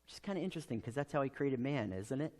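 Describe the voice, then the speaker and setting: An American man preaching a sermon as pastor, telling the story with lively acted-out quotes. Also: medium pitch, quick pace. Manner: animated storytelling, acting out quotes.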